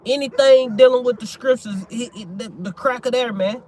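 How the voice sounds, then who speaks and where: A man in a casual religious chat, talking in a rambling, animated, profane way and often searching for his words. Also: very high voice, moderate pace.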